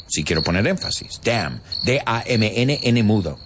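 An American man teaching English to Spanish speakers, animated, laughing at his own jokes and switching into Spanish to explain. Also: fairly low pitch, normal speed, background noise. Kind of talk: language lesson for Spanish speakers.

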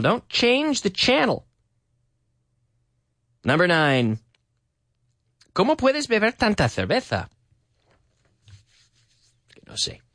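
A man teaching English on a radio show from a studio, chatting, laughing often and repeating phrases slowly for learners. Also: fairly high pitch, fairly bright tone, no echo. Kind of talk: radio English lesson with translation drills.

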